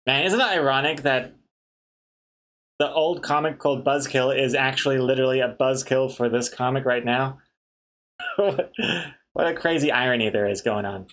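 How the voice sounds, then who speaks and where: At an ordinary speed, a man with a medium-pitched, fairly bright voice streams live as a comic artist. He's chatty, reading viewers' messages and joking back with them.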